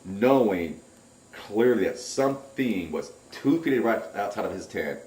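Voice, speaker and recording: A man recounting a camping trip in a rambling, excitable way, caught on a distant mic. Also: on the low side, unhurried. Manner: rambling, excitable storyteller who acts out remembered shouts. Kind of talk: casual spoken recollection. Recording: roomy, distant home recording.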